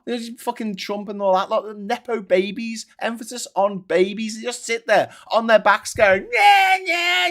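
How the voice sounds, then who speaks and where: A man's voice: sits high, fairly bright tone. A British man hosting a political commentary show, ranting in a heated, mocking, sweary way.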